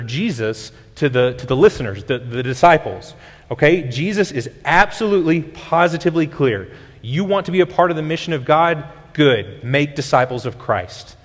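A male pastor, preaching a sermon in a conversational teaching way, often restarting his sentences. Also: medium pitch. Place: church sanctuary. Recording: long hall reverb.

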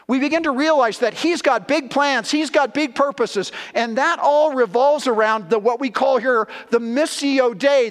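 A man's voice: very high voice, a bit bright, in a large hall. A man preaching a sermon as a guest pastor in a church, emphatic and repeating key words as he addresses the congregation as friends.

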